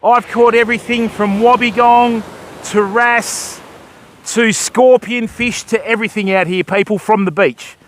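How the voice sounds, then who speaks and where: A man's voice: high-pitched, steady tone, a little slow, a bit bright, slight background noise. An older Australian man hosting a fishing livestream from a beach, chatting casually and greeting viewers as mate and bud while he rigs and casts. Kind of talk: casual live-stream chat while fishing. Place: beach by the surf, outdoors.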